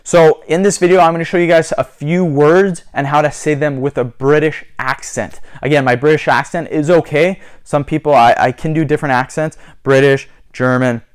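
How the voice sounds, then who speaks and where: A man making a casual how-to vlog, chatty and repetitive, slowly spelling out and demonstrating words. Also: a little high, steady tone, smooth. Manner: chatty, repeats "you guys" and "so again". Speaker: YouTuber.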